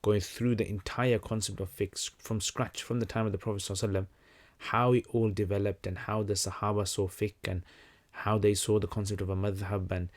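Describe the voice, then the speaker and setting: Brief: young man, low-pitched voice, loose livestream chat, lots of ums and restarts. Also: quick pace, few pauses. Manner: relaxed, conversational, many fillers and restarts. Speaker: livestream host answering questions. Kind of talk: casual livestream Q&A.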